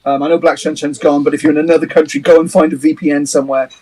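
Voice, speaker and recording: A man's voice: a little high, little pitch movement, rapid-fire, dark tone, low-quality recording. A man from a band, chatting casually on a livestream, rambling, laughing often and swearing a little. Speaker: band member hosting a livestream. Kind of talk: casual chat.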